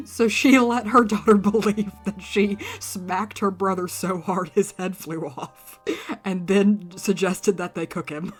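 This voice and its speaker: A woman's voice: medium pitch, takes it slowly, slightly rough, faint music behind. A woman co-hosting a podcast, casually retelling a grim fairy tale with frequent giggles and chatty asides. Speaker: podcast co-host. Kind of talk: casual storytelling.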